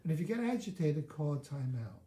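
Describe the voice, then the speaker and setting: A man coaching on a live video, his voice set a touch high with a mellow, warm tone. He explains things step by step and slips into short acted lines of dialogue. The sound is roomy and echoey. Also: very animated, a little fast. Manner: instructive, walks through steps and acts out sample dialogue. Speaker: relationship coach.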